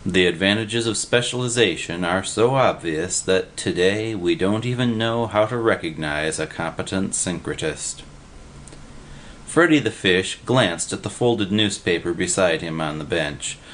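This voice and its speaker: A man narrating an audiobook in a measured, even storytelling manner. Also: sits low. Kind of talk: scripted narration.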